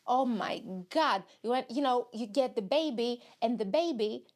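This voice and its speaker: A young woman with a Greek accent, talking in a high, bright voice as she hosts her comic podcast. She tells stories about herself with animated, self-mocking energy. Her delivery stays playful and chatty. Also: moderate pace. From Greece. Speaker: podcast host, comedian. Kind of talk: comic solo podcast monologue.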